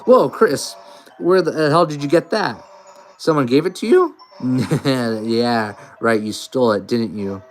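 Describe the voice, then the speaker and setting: A man voicing a rough, blunt teenage girl with a gruff way of talking. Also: mid-range voice, a little slow, faint music behind, close to an everyday voice, rough recording. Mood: excited teasing.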